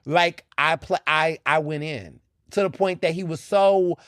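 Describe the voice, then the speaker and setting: Podcast host, male, outspoken and animated, close dry mic, fairly high voice. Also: measured pace, no echo. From United States. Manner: animated, blunt and profane, with laughs. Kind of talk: casual opinion monologue.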